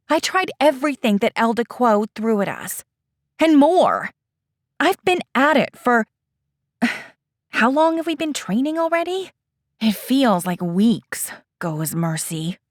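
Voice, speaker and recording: A woman voicing an impatient, frustrated young female trainee, talking heated and exasperated in a raised, lively voice. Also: a little slow, no room sound, studio quality. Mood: frustrated, pleading. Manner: heated, exasperated, higher and louder.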